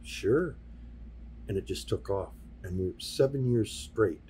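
This is a low-pitched, mellow male voice at a moderate pace, with a little hiss or hum on the recording. He's a sign painter and workshop teacher from the US Midwest, guesting on a podcast and telling anecdotes in a relaxed studio chat, acting out quoted dialogue as he goes.

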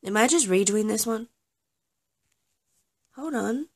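Gravelly-voiced young woman gaming. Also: a little high, lively intonation, slow. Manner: self-deprecating, apologetic, chatty. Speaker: gaming YouTuber. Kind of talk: casual gameplay commentary.

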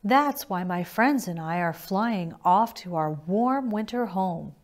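A woman's voice: mid-range voice, expressive, takes it slowly. A woman voicing a friendly thrush in a read-aloud storybook, explaining things in a matter-of-fact way. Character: friendly bird, a migrating thrush.

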